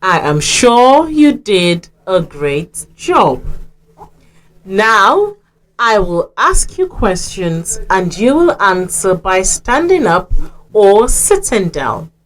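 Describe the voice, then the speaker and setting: Very slow Sierra Leonean woman teaching. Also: medium pitch, big pitch swings. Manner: slow, clearly sounding out syllables and letters. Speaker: radio teacher. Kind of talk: slow scripted reading lesson for children.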